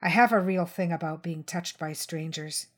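A woman reading a crime short story aloud in a measured narration. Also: fairly low pitch. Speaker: reader.

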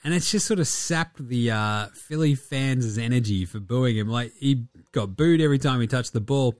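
A man's voice: medium pitch, normal speed, darkish tone, no room sound, clean studio sound. An Australian man hosting a basketball podcast, chatting casually in a jokey, rambling way with plenty of swearing. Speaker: podcast host.

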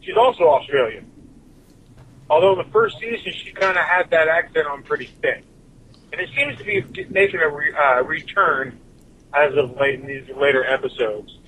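A fairly high-voiced man rants into his recording, cursing at every turn and hopping from one gripe to the next. A faint hiss sits under his voice. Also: animated, normal speed, bright, forceful tone, low-quality recording. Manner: swears constantly, drifts from point to point. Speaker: listener sending in a recorded message. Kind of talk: profane rambling rant.

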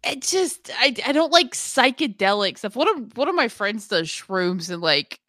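Lady podcast cohost, excitable, bright voice, super dry close mic. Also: fairly high pitch, no echo. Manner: excitable, laughing, quick interjections. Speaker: podcast co-host. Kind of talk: casual chat.

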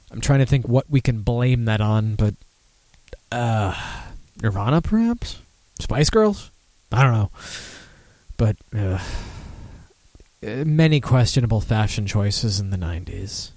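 A man's voice: mid-range voice, sing-song, a little slow, a little mellow, dry recording. A man hosting a casual live-stream beer podcast, rambling, swearing and laughing at himself. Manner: rambling, profane, self-mocking, laughs often. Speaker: podcast host.

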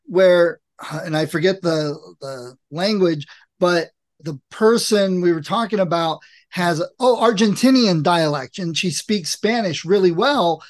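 High-voiced man in an earnest casual chat. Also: measured pace. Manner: earnest, rambling, self-interrupting. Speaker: podcast co-host.

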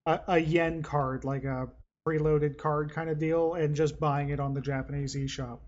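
A man's voice: on the high side, moderate pace, highs cut off. A man co-hosting a gaming podcast, chatting casually and rambling with some swearing. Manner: rambling, profane, excitable. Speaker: podcast co-host. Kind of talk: casual chat.

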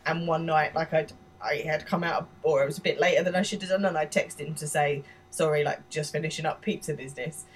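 A woman's voice: sits low, steady tone, a little fast, breathy edge, recorded from a distance. A woman from England co-hosting a podcast, retelling a TV episode and sharing a story from her school days, laughing often. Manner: laughs often, quotes characters while retelling. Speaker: podcast co-host. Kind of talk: casual recap of a TV episode.

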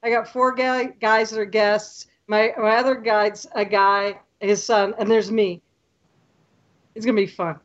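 Woman telling lively travel stories. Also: medium pitch, a little slow, hardly any pauses, dull audio. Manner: lively storyteller, acts out quotes. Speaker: podcast guest, photography tour leader. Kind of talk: casual podcast chat.

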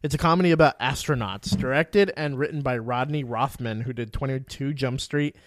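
A man co-hosting a casual movie news chat, telling stories in a profane, animated way. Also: mid-range voice, fairly quick, no room sound, clean studio sound. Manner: profane, animated storytelling with loud acted quotes. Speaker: podcast co-host.

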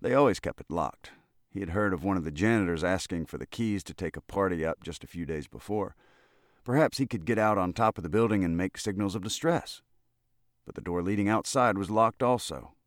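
A man narrating a classic short story in a steady, measured way. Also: sits low, no echo, clean studio sound. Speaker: audiobook narrator.

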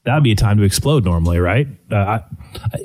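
A man co-hosting a talk show, agreeing with the host and telling a story in a relaxed, conversational way. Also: on the low side, fast talker.

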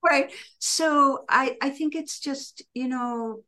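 A middle-aged woman, a composer, telling personal stories in an interview and acting out her own past words with lively emphasis. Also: high-pitched, takes it slowly. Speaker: composer and author, guest. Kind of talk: conversational interview storytelling.

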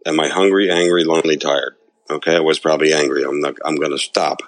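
A man's voice: extremely low pitch, steady tone, quick pace, dry recording. A man co-hosting a recovery podcast in casual chat, reflective and self-deprecating, reading passages aloud. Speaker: podcast co-host.

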